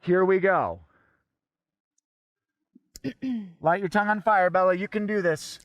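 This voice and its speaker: A man performing a comic fire act, talking theatrically and bossily and now and then bursting into shouts. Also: high-pitched, slow pace, dry recording, lo-fi sound. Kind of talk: comic stage patter.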